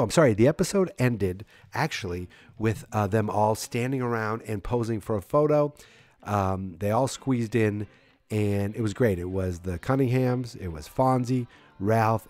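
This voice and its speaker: Lowish guy rambling thru a show recap on his podcast, lots of um and you know, faint music under it. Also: darkish tone. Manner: rambling, full of fillers and restarts. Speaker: podcast host. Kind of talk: casual episode recap.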